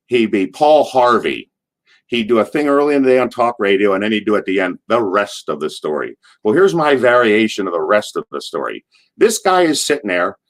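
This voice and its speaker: A man from Allentown, Pennsylvania, a wrestler, telling rambling backstage stories in an interview, swearing casually and restarting his sentences. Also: fairly low pitch. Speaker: retired pro wrestler, interview guest. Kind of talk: rambling anecdotal storytelling.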